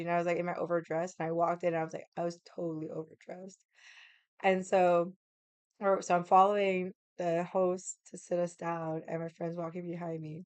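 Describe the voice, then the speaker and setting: Raspy-voiced woman telling a story. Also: on the low side, no room sound. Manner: chatty, lots of fillers and acted quotes; loud laughs. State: raspy from losing her voice. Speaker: vlogger. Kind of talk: casual storytelling chat.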